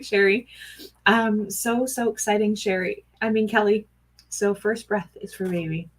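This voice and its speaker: A woman's voice: mid-range voice, normal speed, low-quality recording. A middle-aged woman doing a live-stream oracle card reading, chatting with viewers and greeting them by name. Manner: chatty, warm greetings to viewers, gushing excitement.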